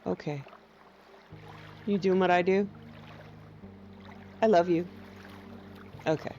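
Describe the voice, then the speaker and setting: A woman streamer offers playful, casual gameplay commentary, cooing baby talk at her companion and making jokes at her own expense with teasing, self-mocking asides. Her voice sits on the low side, slow and dark in tone. The audio is dull with slight background noise.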